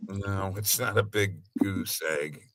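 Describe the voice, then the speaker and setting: A man's voice: low voice, slow, a bit bright, a little hiss or hum, rough recording. A man co-hosting a casual sports betting show, joking and trash-talking as he reads out stats.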